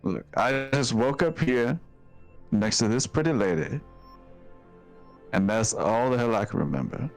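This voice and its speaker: A man voicing a defensive young man with no memory, talking gruff and streetwise in a tabletop game. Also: medium pitch, animated, measured pace, pauses often, soft background music. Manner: gruff, streetwise, mildly profane. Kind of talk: tabletop role-play.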